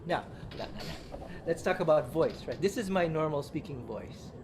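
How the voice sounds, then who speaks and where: Animated male piano teacher. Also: on the high side, normal speed. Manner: lively, demonstrative, sings phrases and shifts voice to illustrate. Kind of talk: online masterclass coaching. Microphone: video call. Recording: noisy online call audio.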